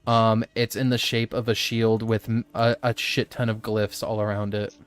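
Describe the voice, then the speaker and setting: A man's voice: lowish voice, flat delivery, normal speed, smooth. A man narrating a tabletop game as dungeon master in a casual, easygoing way.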